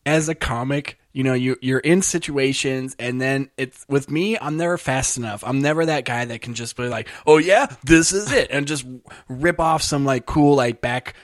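A man's voice: medium pitch, moderate pace, hardly any pauses, dry recording, studio quality. A man who is a comic, talking in a laid-back, rambling way in a casual podcast chat.

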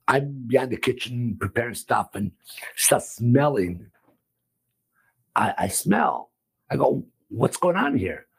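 A man from Italy, a restaurant owner, talking emphatically and loudly, repeating himself in an animated interview. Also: medium pitch, husky. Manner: emphatic, repetitive, loud and expressive.

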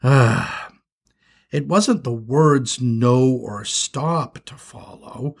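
A man's voice: medium pitch, takes it slowly, creaky, husky, full character voice. A man voicing a caring big-brother skunk. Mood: coaxing. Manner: patient, turns into frantic shouting.

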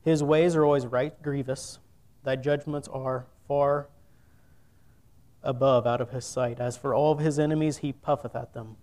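A man's voice: medium pitch, steady tone, normal speed, darkish tone. A man preaching a sermon, reading scripture aloud in old-fashioned wording and then speaking earnestly to the congregation.

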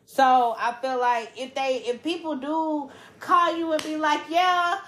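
A woman's voice: high-pitched, measured pace. A woman podcast co-host chatting casually, wisecracking and swearing freely as she gives blunt advice. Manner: animated, profane, wisecracking. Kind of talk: casual chat. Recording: echoey room.

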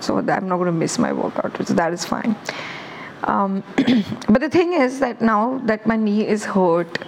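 Woman podcasting solo, rambly and candid, mid pitch, bit of faint hiss behind. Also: expressive, measured pace, vocal fry, low-quality recording. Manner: candid, rambling, self-reflective. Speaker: podcast host. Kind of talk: casual solo podcast monologue.

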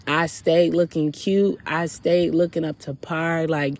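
Woman podcaster, gravelly husky voice, candid personal testimony. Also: sits low, flat delivery, darkish tone, no room sound. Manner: candid and reflective, with drawn-out pauses. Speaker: podcast host. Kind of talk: personal faith testimony monologue.

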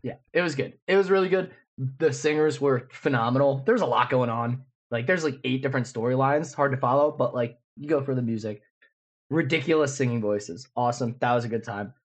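A man in his twenties co-hosts a podcast, rambling through a casual story packed with fillers. His voice is mid-range and fairly quick.

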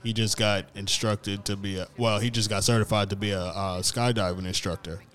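A man chatting casually with friends, telling animated slang-filled stories and acting out other people's voices. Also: on the low side, a little fast, soft background music. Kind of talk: casual chat, storytelling.

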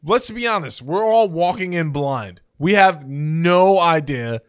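A man's voice: fairly high pitch, lively intonation, unhurried, clean tone. A man co-hosting a casual pop-culture podcast, talking in an opinionated, speculative way with hiccups. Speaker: podcast co-host.

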